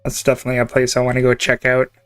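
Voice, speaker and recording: Smooth-voiced Canadian streamer, chatty. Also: male voice, medium pitch, completely flat delivery, rapid-fire, fairly bright tone. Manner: chatty, rambling, laughs often. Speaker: game streamer. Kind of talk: casual chat while gaming.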